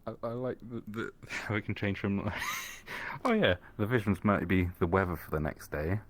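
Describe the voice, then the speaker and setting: A man's voice: lowish voice, lively intonation, moderate pace. A man chatting casually out of character during a roleplay session, swearing and laughing through playful banter. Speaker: roleplay streamer.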